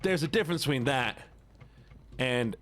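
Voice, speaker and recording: Chatty male streamer, lively voice. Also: medium pitch, normal speed. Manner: chatty, thinks aloud, reacts to chat. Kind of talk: casual chat while gaming.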